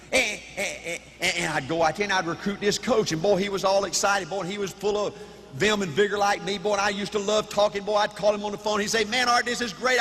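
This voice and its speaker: A man giving a live motivational speech in an animated, folksy way, with punchy repetition and shouting. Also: sits high. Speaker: motivational speaker. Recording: reverberant hall, faint noise.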